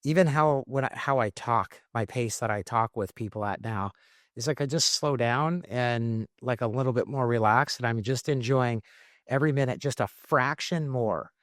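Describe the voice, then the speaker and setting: Candid, halting man on a podcast. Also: medium pitch, a bit bright, dry recording, clean studio sound. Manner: candid, halting, many restarts and fillers. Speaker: podcast host. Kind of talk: casual conversational podcast talk.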